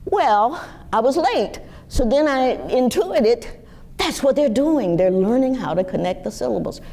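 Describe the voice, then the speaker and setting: A woman in her sixties telling personal stories to a live audience in a lively, animated way. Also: normal speed. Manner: lively, animated storytelling with wide pitch swings. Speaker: guest speaker. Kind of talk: storytelling talk to a live audience.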